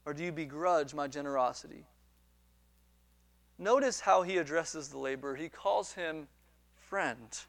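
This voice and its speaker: A man with a high voice preaches a sermon. He retells a parable in an animated way, acts out the quoted dialogue and repeats words as he builds each point. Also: measured pace, gravelly, long pauses, no room sound. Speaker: pastor.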